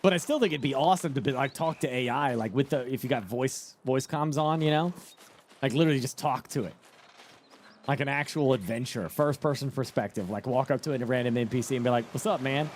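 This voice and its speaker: A man's voice: mid-range voice, brisk, a little hiss or hum. A man streaming a game live, chatting loosely with his chat, swearing and riffing on ideas as he plays. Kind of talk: casual live-stream chat while gaming.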